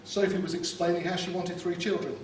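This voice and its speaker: A man's voice: high voice, flat delivery, a little fast, a little hiss or hum. A man from London giving a wedding speech to the guests, delivering wry jokes and punchlines. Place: wedding reception hall. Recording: distant mic in echoey room with loud ambience.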